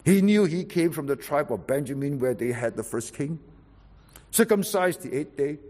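A man preaching a sermon, emphatic and animated, swinging from loud exhortation to quiet, intimate drops. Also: fairly high pitch, moderate pace, long reverb tail.

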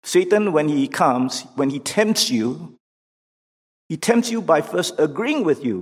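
Preacher guy talking real slow, voice swooping high and low, long echo like a big hall. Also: big pitch swings. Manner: emphatic, rising to near shouts on questions, slow and deliberate. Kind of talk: sermon. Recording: long reverb of a large hall.

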